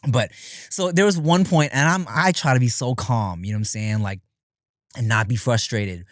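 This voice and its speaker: A man in his thirties co-hosting a casual podcast, telling lively stories, swearing freely and acting out his kids in high voices. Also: normal speed, dry recording, clean studio sound. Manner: swears casually, laughs often. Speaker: podcast co-host.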